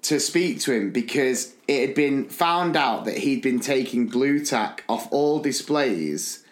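Animated man telling a story in an echoey room. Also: medium pitch, measured pace. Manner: animated, acts out the people in his stories. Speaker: podcast co-host. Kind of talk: casual storytelling chat.

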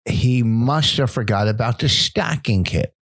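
A man's voice: mid-range voice, animated, a little slow, dry recording, clean studio sound. A man in casual comedic banter, defending himself indignantly and laughing often.

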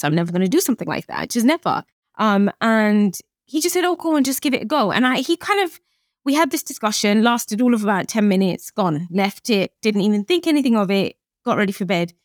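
Speaking in a mid-range voice, a chatty British woman in her late 30s, a chef and author, appears as a podcast guest. She tells her stories animatedly, performing the dialogue within them. The recording is close, with no room sound.

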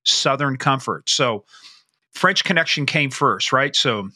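A man's voice: medium pitch, lively intonation, a little slow, sharp tone, dry recording. A man hosting an interview podcast, eagerly asking questions and setting up the story for his guest. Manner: eager questioner who sets the stage and jokes with his guest. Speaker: podcast host.

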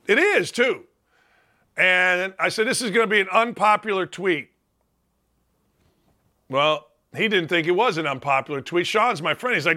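A man hosting a sports talk show, ranting loudly and emphatically about football. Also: high-pitched, animated, normal speed. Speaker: sports talk radio host. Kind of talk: opinionated sports talk monologue.

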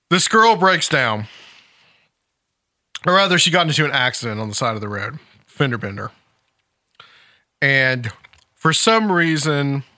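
A man's voice: mid-range voice, pushed and bright, no room sound, clean studio sound. A man hosting a casual talk show, reading a news story aloud and laughing at it. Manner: amused, laughs while reading. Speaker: podcast host.

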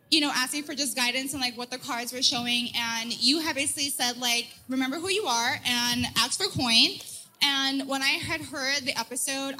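A woman's voice: sits high, bright, forceful tone. A woman from the audience speaking into a mic at a live show, chatty with lots of fillers. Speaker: audience member.

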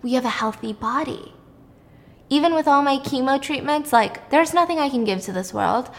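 A high, eager woman with cancer who pours out her feelings in a pleading rush, as a woman puts her on. She prays in a panic and clings to faith. Her voice rings in a room with a long, lingering echo. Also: moderate pace, creaky. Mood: earnest. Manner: high, pleading, breathless gushing. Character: cheery, desperate, devout woman with cancer. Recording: long reverb.

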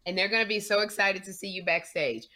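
A woman's voice: medium pitch, fast, sharp tone. A woman, teasing and encouraging a friend in casual chat.

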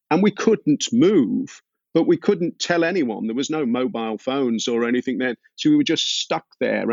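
Raspy guy musing slowly in an interview, lots of ums, muffled dry sound. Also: mid-range voice, no echo. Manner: thoughtful, pauses with fillers. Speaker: musician guest. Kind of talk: relaxed interview storytelling.

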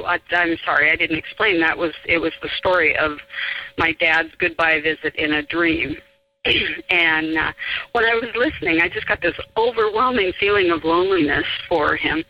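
A caller in their fifties, hesitantly telling a personal ghost story with many pauses and fillers. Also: mid-range voice, no echo. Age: 50s. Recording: dull phone line.

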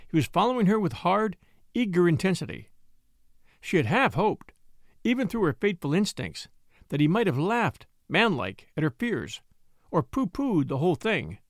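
A man narrating a classic story as an audiobook in an expressive storytelling manner. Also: a little high, no room sound, clean studio sound.

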